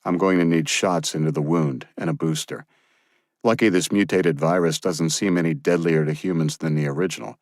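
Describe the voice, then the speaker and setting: A wry, low-voiced male captain who plays down his pain with dry jokes, as a man reads him. The voice is very deep, quiet and close, with no room sound. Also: fairly even intonation, moderate pace, dry recording, natural voice. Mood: wry, calm. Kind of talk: audiobook character reading.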